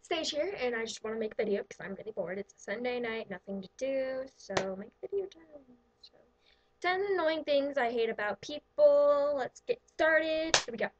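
A woman's voice: sits high, expressive, normal speed, dull audio, noisy background. A teenage girl ranting casually in a vlog, chatty and sarcastic, acting out little quoted exchanges. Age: teens. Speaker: vlogger.

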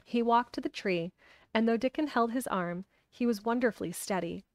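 A woman reading a classic children's novel aloud in a steady, expressive way. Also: on the high side, normal speed, no room sound. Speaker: audiobook reader. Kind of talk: storybook reading.

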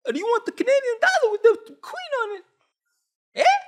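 A man voicing a mock, overly polite male Canadian TV host in a squeaky falsetto, apologetic and sing-song. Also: very animated, a little fast.

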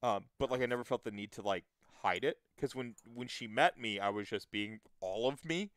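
A man's voice: mid-range voice, normal speed, a bit bright, smooth, no echo, clean studio sound. A man hosting a casual podcast chat, rambling through restarts and fillers and swearing freely. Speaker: podcast host.

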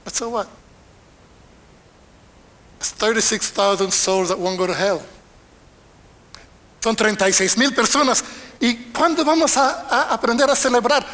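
High, bright-voiced older bilingual preacher. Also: male voice, moderate pace. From Panama. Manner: switches between Spanish and English line by line, animated. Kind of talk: bilingual sermon.

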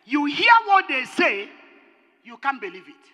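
A woman pastor preaching an impassioned sermon, rising to shouted peaks and dropping low. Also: sing-song, unhurried. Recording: long hall reverb.

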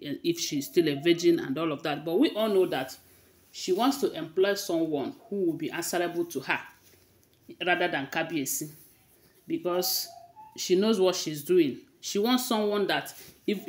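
A woman with a Nigerian accent casually retelling celebrity gossip, with frequent hesitations and restarts. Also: fairly low pitch. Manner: hesitant, many fillers and restarts, conversational retelling.

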